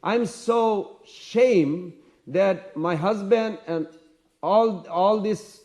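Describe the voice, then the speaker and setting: A man's voice: high-pitched, a little mellow, pitched above the performer's own voice. A man doing a plaintive, regretful queen mother. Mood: lamenting. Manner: slow, plaintive.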